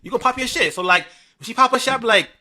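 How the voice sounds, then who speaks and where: Young New man, podcast co-host, high and bright, animated trash-talker. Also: rapid-fire. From New York. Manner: animated, rambling, heavy slang and filler, trash-talking. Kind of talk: casual sports chat.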